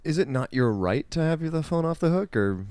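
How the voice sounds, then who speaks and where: A man's voice: fairly high pitch, lively intonation, a little mellow, no echo. A man co-hosting a podcast as a guest, chatting casually and tossing in joking quips. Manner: jokey, quick quips. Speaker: guest co-host. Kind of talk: casual chat.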